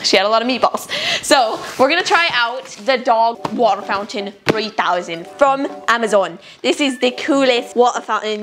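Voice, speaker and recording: A woman's voice: fairly high pitch, expressive, normal speed, background noise. A young woman vlogging casually, bubbly and chatty, squealing baby talk at her dog. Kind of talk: casual vlog chat.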